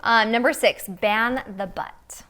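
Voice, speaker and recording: A young woman co-hosting a casual chat among moms, chatty and animated, often laughing as she talks. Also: on the high side, takes it slowly. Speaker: co-host.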